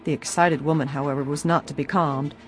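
A woman narrating an audiobook in a steady, even storytelling manner. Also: low voice, fairly quick, soft background music. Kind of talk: scripted narration.

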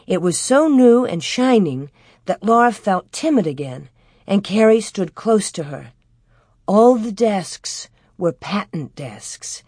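A woman reading a children's story aloud as scripted narration, in a gentle storytelling manner, raising her pitch for the children's lines. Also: dry recording, studio quality. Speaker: audiobook reader.

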